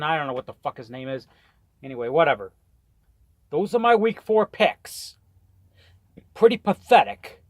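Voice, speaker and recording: A man's voice: a little high, no echo. A man casually ranting and rambling through his weekly football picks, swearing often and tripping over his words. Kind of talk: casual rant. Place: in a truck on the road.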